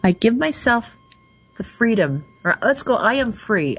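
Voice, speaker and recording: A woman hosting a call-in radio show, slowly and soothingly guiding listeners through affirmations. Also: fairly high pitch, very animated, breathy edge, low-quality recording. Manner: slow, soothing, guides affirmations. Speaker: radio show host and coach.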